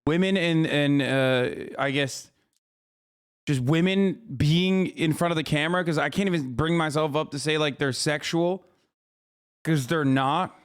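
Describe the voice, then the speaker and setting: A man's voice: a little high, measured pace, clear, resonant tone. Incredulous man reacting on stream. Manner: incredulous, animated, swearing.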